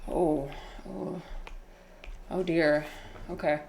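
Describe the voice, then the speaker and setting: A woman's voice: deep voice, fairly even intonation, drawn-out words, creaky, darkish tone, a little hiss or hum. A woman live-streaming a game, chatting casually with viewers, reading their comments aloud, often giggling and joking at her own expense. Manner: chatty, giggly, self-deprecating, reads chat aloud. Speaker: livestreamer playing a game.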